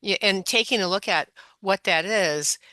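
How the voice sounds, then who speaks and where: Dry, bright-voiced woman telling stories. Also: mid-range voice, normal speed, dry recording. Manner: rambling, animated storytelling with many "you know"s. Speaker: guest, functional medicine practitioner. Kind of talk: storytelling interview.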